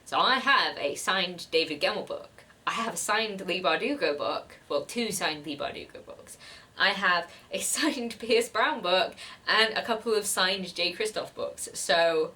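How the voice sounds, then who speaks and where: Young woman vlogging about books, bright tone, giggly and gushy. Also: fairly low pitch, expressive, measured pace. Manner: chatty, giggly, gushing. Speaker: book vlogger. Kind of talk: casual chat.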